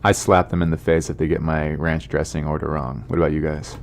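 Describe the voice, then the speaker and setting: Deep-voiced man rambling on a podcast. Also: little pitch movement, a little fast, gravelly, a little hiss or hum. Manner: rambling, self-deprecating, chatty asides to listeners. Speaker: comedian and podcast host. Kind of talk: casual podcast monologue.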